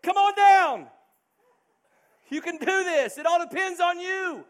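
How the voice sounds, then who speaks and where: A man's voice: extremely high pitch, takes it slowly, pitched above the performer's own voice. A man voicing a doctor cheering on a newborn, hollering encouragement in a sermon.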